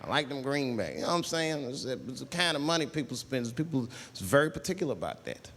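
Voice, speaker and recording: A man performing a stand-up comedy routine on stage, talking in an animated way and jumping into loud put-on voices. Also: mid-range voice, fast, gravelly, a little hiss or hum. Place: stage in a large hall. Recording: live hall recording, faint ambience.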